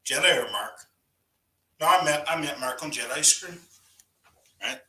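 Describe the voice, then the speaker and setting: Rambling man with a sharp, distant sound. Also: fairly high pitch, a little slow. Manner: rambling, full of "you know" and "right". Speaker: guest storyteller on a live voice chat. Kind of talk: casual chat. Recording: roomy sound from a distant mic.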